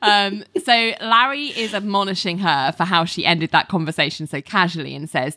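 A woman's voice: lowish voice, moderate pace, hardly any pauses, pushed and bright, no room sound, studio quality. A woman recapping a TV episode for a podcast in casual chat, recounting scenes in detail and acting out the lines. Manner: recounts scenes in detail, acts out quotes, laughs often.

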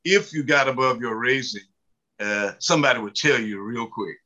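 A man's voice: mid-range voice, moderate pace, bright, forceful tone, rough recording. A man in his seventies from the mountains of the American South, telling folksy, humorous stories as an interview guest. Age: 70s. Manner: folksy, humorous, many fillers. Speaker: author and guest. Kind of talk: storytelling interview.

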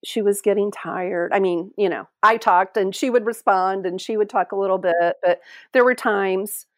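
A middle-aged woman speaking as an interview guest, her voice sitting at an ordinary middle pitch. She tells her story in a heartfelt, halting way, often breaking off and restarting. The sound is dry and close. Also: no echo. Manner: halting, heartfelt, many restarts and trailing phrases. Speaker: interview guest, end-of-life caregiver. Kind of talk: emotional personal storytelling.

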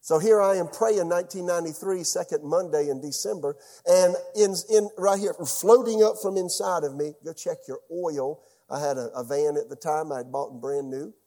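A man's voice: on the high side, moderate pace, few pauses, dark tone. A middle-aged man preaching a sermon as pastor, telling a personal story and putting questions to his congregation.

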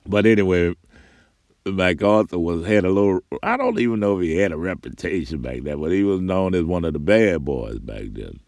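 An older man with a very low, gravelly voice tells a loose, profane story from his past. He rambles with fillers and swearing, and the sound is dry and close. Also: animated, normal speed, a little mellow, no room sound. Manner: rambling, profane, laughs between phrases. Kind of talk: casual spoken memoir.

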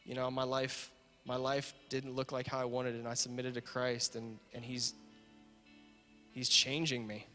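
A man's voice: mid-range voice, level tone, moderate pace. A man preaching as a pastor, earnest and repetitive, building to emphatic points and closing in prayer. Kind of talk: sermon. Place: church sanctuary. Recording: reverberant hall with soft guitar.

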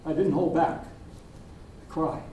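An older man, a minister, giving a sermon in a gentle, reflective storytelling manner with pauses. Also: fairly high pitch, fairly even intonation, slight background noise. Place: church sanctuary. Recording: distant voice in an echoey sanctuary.

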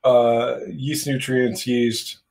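A man's voice: medium pitch, level tone, drawn-out words, vocal fry, darkish tone, low-quality recording. A man chatting casually on a podcast about home brewing, rambling with lots of fillers and casual swearing. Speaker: podcast co-host.

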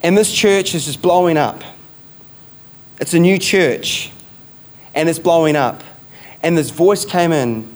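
A man's voice: a little high, a little slow, pauses often. A man preaching a sermon as pastor, emphatic, repeating key phrases and asking rhetorical questions.

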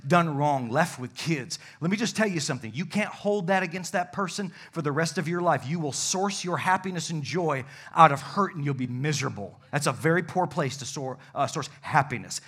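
A man preaching a sermon as pastor, dynamic, swinging between loud calls and hushed, intimate tones. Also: on the high side, animated, a little fast, hardly any pauses, husky.

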